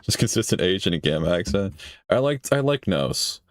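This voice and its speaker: A man's voice: lowish voice, big pitch swings, normal speed, dry recording. A man streaming casual reaction commentary, offhand and swearing, often laughing.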